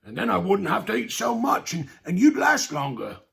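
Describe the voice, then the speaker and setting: A man's voice: high-pitched, very animated, moderate pace, gravelly, fairly bright tone, pitched above the performer's own voice, heavily acted. Brief: hungry scrawny male lion, grumbly complaining storybook voice, man reading aloud. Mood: grumbling.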